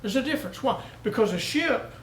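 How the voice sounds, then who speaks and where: A man's voice: very high-pitched, expressive, brisk, roomy sound, slight background noise, poor audio. A male pastor preaching a sermon, telling down-home country stories and building to emphatic peaks. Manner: folksy storytelling preacher, rising to emphatic peaks.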